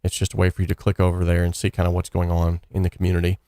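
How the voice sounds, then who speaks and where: A man's voice: low voice, monotone, rapid-fire, dark tone, no echo, studio quality. A man hosting a casual livestream, talking in an earnest, encouraging way and rambling loosely with frequent fillers. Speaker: livestream host of a song contest.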